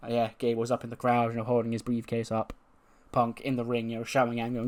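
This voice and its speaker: A man's voice: mid-range voice, completely flat delivery, fast, a little mellow. A man casually recapping scenes from a wrestling simulation game, chuckling as he retells them. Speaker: game streamer.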